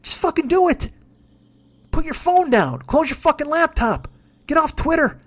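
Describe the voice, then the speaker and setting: A man's voice: extremely high pitch, sing-song, moderate pace. A man in his fifties hosting his own podcast, ranting in a profane, exasperated and emphatic solo monologue. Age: 50s. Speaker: podcast host and comedian.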